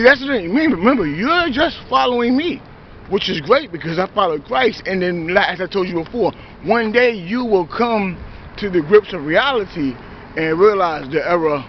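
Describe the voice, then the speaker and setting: A man's voice: high voice, a little hiss or hum. A man giving a confrontational, preachy monologue to his viewers, full of "you know" and "see". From New York. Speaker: self-styled preacher. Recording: dull lo-fi recording.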